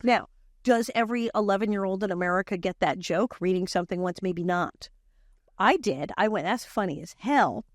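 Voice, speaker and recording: A woman's voice: medium pitch, brisk, no room sound. Canadian lady in her 60s, vancouver accent, chatty storyteller, dry close mic. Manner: lively, theatrical, laughs at her own stories. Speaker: guest, former child actor. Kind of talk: animated storytelling chat.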